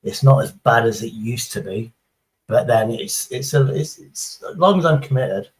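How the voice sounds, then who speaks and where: A man's voice: mid-range voice, lively intonation, moderate pace, rough recording. Middle-aged guy on a stream, rambles and swears a lot, sarcastic chat. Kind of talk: casual chat.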